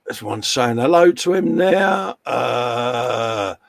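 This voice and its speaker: Hombre inglés de voz rasposa y bromista. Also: male voice, medium pitch, lively intonation, slow, no echo. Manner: jokey, banter-filled, reads chat messages aloud. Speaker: co-host of a live model-building stream. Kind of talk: casual live-stream chat reading comments.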